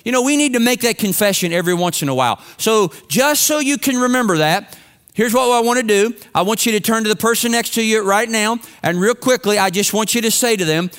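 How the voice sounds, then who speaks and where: High-voiced male pastor preaching. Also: animated, fairly quick, fairly bright tone, clear, resonant tone. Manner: conversational, humorous storytelling, asks the congregation to respond. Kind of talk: sermon. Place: church sanctuary with congregation.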